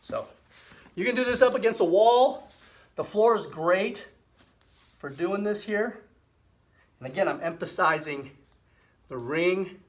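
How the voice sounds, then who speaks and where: Man explaining a hand exercise. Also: fairly high pitch. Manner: relaxed, repetitive explanations with fillers. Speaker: physical therapy host. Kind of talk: casual instructional demonstration.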